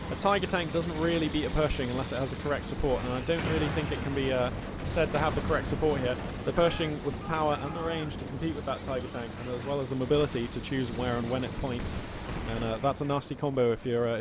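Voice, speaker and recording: A man casting a strategy game match with chatty, playful play-by-play and quick excited reactions. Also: mid-range voice, very noisy. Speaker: video game caster. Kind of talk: live play-by-play game commentary. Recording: loud game gunfire and vehicles behind.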